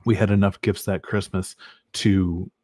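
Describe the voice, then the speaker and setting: A man's voice: deep voice, level tone, unhurried, darkish tone, no room sound, clean studio sound. A man from Michigan, a podcast guest, giving an earnest personal faith testimony with many ums and restarts.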